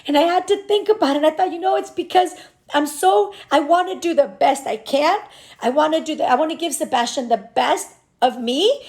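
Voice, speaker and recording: A high-pitched woman in her thirties speaks openly in a personal vlog. Her talk is candid and animated, circling back with restarts as she works through her thoughts. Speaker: business owner and mother.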